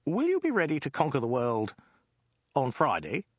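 Brief: a man doing a high, strained, exasperated general, dull dry recording. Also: wildly swooping pitch, moderate pace, slightly rough, dry recording. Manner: urgent, strained and insistent. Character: impatient, exasperated male warlord general.

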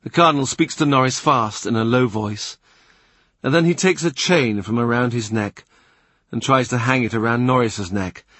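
Man narrating literary fiction, husky and dry, understated. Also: mid-range voice, normal speed, fairly bright tone, dry recording. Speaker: audiobook narrator.

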